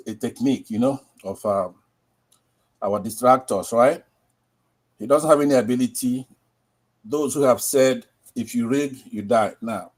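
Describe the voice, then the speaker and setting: On a call-in line, a man with a mid-range, darkish voice offers emphatic commentary as a caller. He drives each point home and caps his statements with rhetorical tag questions.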